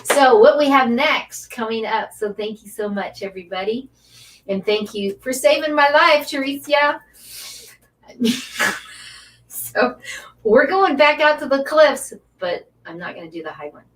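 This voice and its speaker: An angel card reader and Reiki teacher hosts a casual live stream, her high voice lively in intonation, unhurried and fairly bright, picked up on a distant mic. She's chatty and effusive, cheering on and encouraging her viewers.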